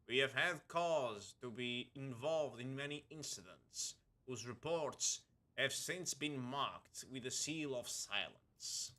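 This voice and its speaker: A man voicing a stern, scheming Inquisitor who speaks in a measured, formal, persuasive way. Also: medium pitch, lively intonation, pushed and bright. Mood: wry.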